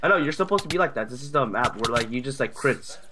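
A gaming host with a mid-range voice talks at a quick pace over background noise. He's excitable and rambling in his casual gameplay video, using lots of fillers and yelping when things go wrong.

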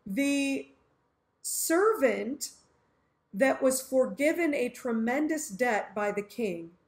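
A woman with a high voice teaches scripture at an unhurried, measured pace. She is earnest and explains each point by acting out small everyday scenes. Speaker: Bible teacher. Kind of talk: Bible teaching talk.

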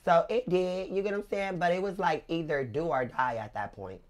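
A woman guest in a casual interview chat, joking and animated as she retells her story in a Los Angeles vernacular accent. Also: on the low side, normal speed. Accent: African American Vernacular English, Los Angeles. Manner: joking, laughs often, animated when retelling.

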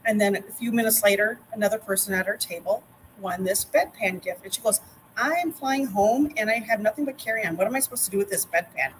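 A middle-aged woman, a master gardener guest, chatting casually and telling lively anecdotes. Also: medium pitch, a little fast, slight background noise, poor audio. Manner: lively anecdotes, acts out quotes. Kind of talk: casual storytelling chat.

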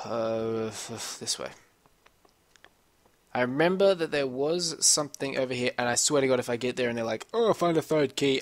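Brief: male let's-player, swears a lot and rambles, grumbling at the game as he plays. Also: medium pitch. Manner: profane, rambling, complaining to himself. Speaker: gamer playing a puzzle map. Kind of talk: let's-play commentary.

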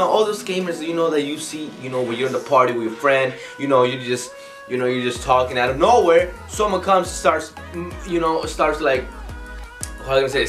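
A man's voice: medium pitch, fairly bright tone. A young man hosting his own video, rambling casually with many fillers. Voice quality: rambling, heavy use of fillers. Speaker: youtuber host.

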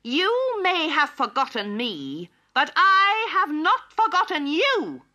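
A woman voicing a vengeful wicked fairy who shrieks and cackles in a slow, menacing way, for a children's storybook tape. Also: high voice, big pitch swings, bright, forceful tone, voice pushed up, exaggerated voice.

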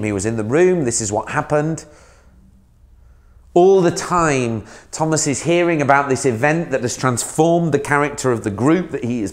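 A man, a minister giving a sermon in a conversational way, asking the listener questions. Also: on the high side.

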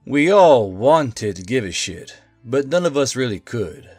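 A male text-to-speech narrator reads a tabletop game story at an even, unhurried clip. His mid-range voice sits dry and close to the mic. Soft music plays faintly behind him. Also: mid-range voice, slightly rough, dry recording.

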